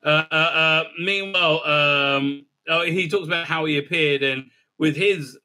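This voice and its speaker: A man's voice: on the high side, unhurried, bright, forceful tone. A man reviewing a TV episode in a casual, rambling recap, mocking and sarcastic about what he watched. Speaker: show reviewer.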